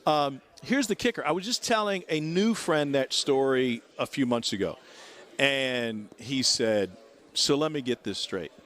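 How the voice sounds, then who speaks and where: Speaking a little slowly in a medium-pitched voice, a man in his forties from Missouri tells a long story as a talk-radio guest. He animates it by giving the people in the story lively voices.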